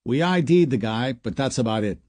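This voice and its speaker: A man's voice: medium pitch, lively intonation, brisk, darkish tone, no echo, close to an everyday voice. A man voicing a casual, chatty male FBI agent with a Boston accent in an audiobook.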